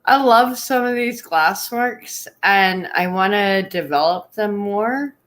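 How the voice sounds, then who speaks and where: A woman's voice: mid-range voice, slow, fairly bright tone. A woman live-streaming in casual chat, often laughing through her words.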